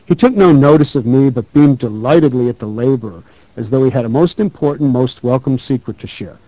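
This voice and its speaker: Man reading a story, mellow dry voice. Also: medium pitch, a little fast, dry recording, rough recording. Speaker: speaker. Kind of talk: reading a story aloud in a talk.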